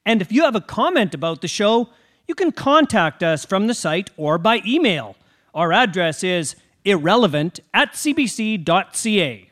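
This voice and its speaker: A man hosting a comedy show, reading scripted announcements in a brisk promotional way. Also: high voice, big pitch swings, a bit bright.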